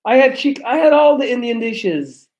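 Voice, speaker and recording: A man's voice: very high-pitched, lively intonation, normal speed, highs cut off. A young man reading viewer comments aloud in a laid-back, slangy livestream chat. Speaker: YouTuber reading live chat.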